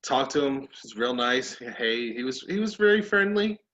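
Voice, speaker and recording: Bright-voiced man in casual sports chat. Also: medium pitch, normal speed. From Ohio. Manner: laughing, rambling, animated. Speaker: podcast co-host. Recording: dull lo-fi sound.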